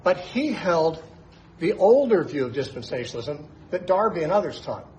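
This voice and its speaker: Emphatic man teaching scripture, slightly high. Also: big pitch swings, normal speed, darkish tone, slight background noise, poor audio. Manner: emphatic, rhetorical questions. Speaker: radio Bible teacher.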